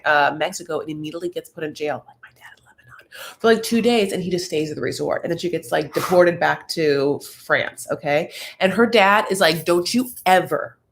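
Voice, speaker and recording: A woman hosting a casual live recap chat. She rambles with lots of filler words and slips into quick impressions of people. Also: fairly low pitch, a bit bright. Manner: rambling and chatty, heavy on "like"; breaks into quick voiced impressions. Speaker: host.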